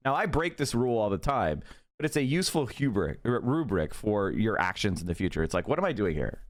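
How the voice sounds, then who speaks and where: A man's voice: on the low side, lively intonation, a little fast. A man ranting heatedly and with a lot of swearing while hosting a live stream. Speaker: streamer host.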